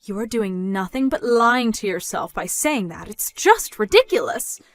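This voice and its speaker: A woman gives a very animated performance, at a moderate pace, as a contemptuous, controlling middle-aged mother in a dramatized story. She mocks loudly, and her voice climbs in pitch whenever she scolds. The recording is dry.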